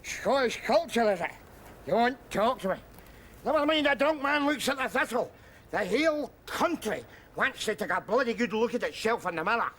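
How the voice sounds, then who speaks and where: A man's voice: extremely high pitch, expressive, moderate pace, a bit bright, heavily acted. A middle-aged man with a broad Glaswegian accent, playing a brash, combative street philosopher who rants in mock-grand speeches in a TV sitcom. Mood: ranting. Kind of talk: sitcom acting. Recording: TV sitcom audio with background noise.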